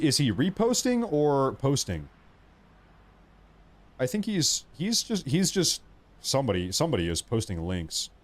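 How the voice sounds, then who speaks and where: A man hosting a live stream, talking casually and rambling, often restarting and muttering asides to himself. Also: fairly low pitch.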